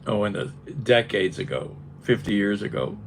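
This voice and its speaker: An older man from Northeast Ohio with a flat Northeast Ohio accent, chatting casually with live viewers, wry and sarcastic, chuckling as he rambles. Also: on the low side, normal speed, a little hiss or hum. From Northeast Ohio, USA.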